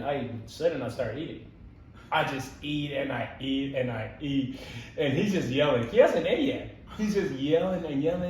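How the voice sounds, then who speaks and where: A man's voice: mid-range voice, slight background noise. Young man telling stories in an echoey room. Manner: animated, laughs while telling stories, many "like" and "dude" fillers. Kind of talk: casual storytelling conversation. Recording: echoey room, voice from some distance.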